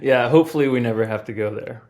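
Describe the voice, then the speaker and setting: A man's voice: mid-range voice, fast talker, darkish tone. A man who works as a personal trainer, chatting casually in an easygoing, agreeable way. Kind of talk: casual chat.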